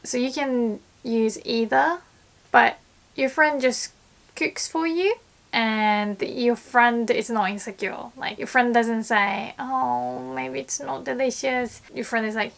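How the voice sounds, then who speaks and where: Lively young woman teaching Japanese phrases. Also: fairly high pitch, takes it slowly, gravelly. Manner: lively, acts out example phrases. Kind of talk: casual explanatory lesson.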